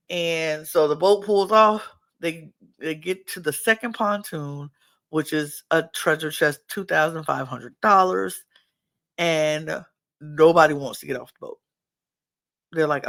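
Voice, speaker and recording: A woman hosts a podcast and talks through a reality-show episode in a relaxed, chatty way. Her voice has a gravelly, creaky texture, and she acts out what each person said as she goes. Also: low-pitched, unhurried. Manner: chatty, acts out people's quotes. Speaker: podcast host. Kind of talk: casual reality-show recap.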